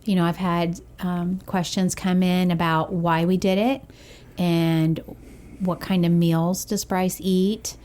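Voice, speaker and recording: A woman's voice: on the low side, level tone, slow pace, a little mellow. Giggly, thoughtful woman co-host. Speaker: podcast co-host. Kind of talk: casual chat.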